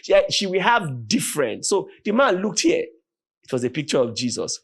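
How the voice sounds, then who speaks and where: A Nigerian man, a podcast guest, telling a story with animated, vivid retelling and voiced quotes. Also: fairly high pitch, moderate pace, slightly rough. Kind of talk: dramatic storytelling in conversation.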